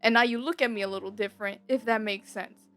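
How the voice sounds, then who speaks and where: A woman's voice: on the high side, steady tone, fast talker, a bit bright, soft background music. A young woman gaming YouTuber talking candidly at home in a rambling, confiding way, full of fillers and restarts. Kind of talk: candid personal vlog talk.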